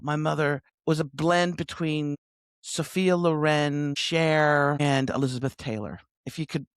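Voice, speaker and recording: A woman in her sixties, a coach telling stories as an interview guest on a remote call, lively and laughing often. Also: low voice, no room sound, clean studio sound. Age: 60s. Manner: lively, animated storyteller with frequent laughs. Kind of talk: conversational interview storytelling. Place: home near Sydney, remote call.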